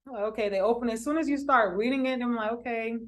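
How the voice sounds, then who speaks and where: A woman's voice: on the high side, very fast. A woman teaching real estate wholesaling at a live workshop, talking casually with slang and acted-out quotes of the people she deals with. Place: room with a live audience.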